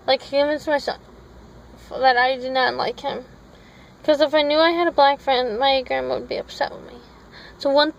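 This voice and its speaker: Woman, high-pitched, rambling vlog talk, frequent self-corrections, phone recording. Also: rough recording. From Minnesota. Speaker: vlogger. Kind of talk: casual storytelling vlog.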